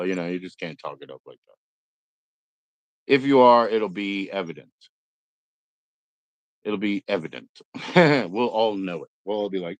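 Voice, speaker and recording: A man's voice: low-pitched, lively intonation, normal speed, no room sound, poor audio. A middle-aged man hosting a casual livestream, rambling and swearing, mocking other people in put-on voices. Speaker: livestream host.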